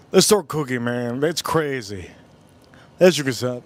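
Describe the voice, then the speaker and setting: A man from the United States hosting a casual livestream, repeating himself often and giving emotional, rapid shout-outs to his viewers. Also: medium pitch, expressive, a little hiss or hum. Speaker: livestream host.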